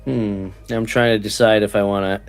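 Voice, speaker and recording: A man's voice: fairly low pitch, little pitch movement, moderate pace, clean tone, faint music behind. A man playing in a tabletop game, chatting casually and joking between laughs. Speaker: player.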